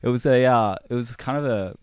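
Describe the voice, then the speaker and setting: A man talking as a podcast guest, recounting a sailing trip in a relaxed, laid-back way. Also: mid-range voice, a little fast, clean tone, no echo, studio quality. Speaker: guest, filmmaker. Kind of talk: casual podcast conversation.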